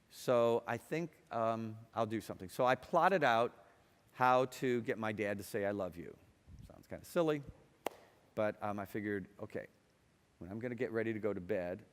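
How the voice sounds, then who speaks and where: A middle-aged man from Ohio telling a personal story to an audience, wry, moving between quiet reflection and lively, amused telling. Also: fairly low pitch. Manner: wry, swings from hushed to lively. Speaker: speaker. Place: university hall. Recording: hall with long reverb.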